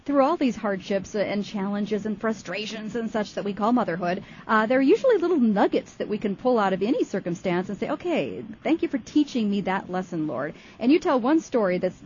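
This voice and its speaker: A woman's voice: mid-range voice, a little mellow, lo-fi sound, slight background noise. A woman hosting a radio interview, asking questions in an encouraging, attentive way. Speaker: radio host. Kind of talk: interviewing a guest.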